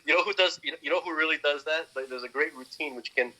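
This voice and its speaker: Fast-talking bright-voiced podcast host. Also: male voice, a little high, low-quality recording. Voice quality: animated storyteller who acts out the voices in his stories. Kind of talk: casual chat, retelling comedy bits.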